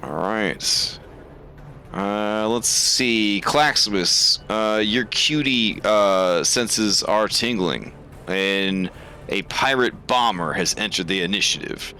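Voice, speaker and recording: A man's voice: fairly low pitch, slow pace, sharp tone. A man running a tabletop game as game master, thinking aloud with lots of fillers.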